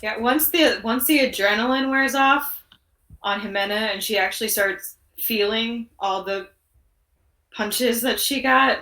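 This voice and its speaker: Woman player, high voice, unhurried, giggly; recorded far off with a roomy echo. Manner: giggly, animated describing. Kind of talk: casual tabletop game chat. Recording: echoey, far-off mic.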